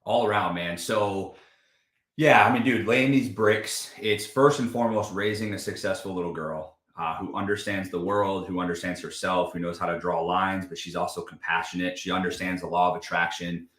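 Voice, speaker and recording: Emphatic low-voiced male guest, roomy. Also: fairly even intonation, moderate pace, fairly bright tone. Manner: emphatic, profane, says dude and man a lot. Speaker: podcast guest. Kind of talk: casual podcast chat.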